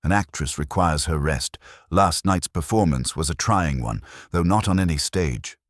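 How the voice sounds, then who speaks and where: A man reading a poised, theatrical actress in a husky voice. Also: rumbling low, normal speed, no echo, clean studio sound. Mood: languid. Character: poised aloof actress woman.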